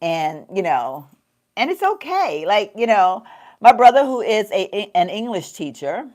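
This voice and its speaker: A woman with a Southern US accent chatting casually to her viewers while she does her makeup, folksy and quick to laugh. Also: medium pitch, very animated, a little mellow. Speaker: lifestyle vlogger.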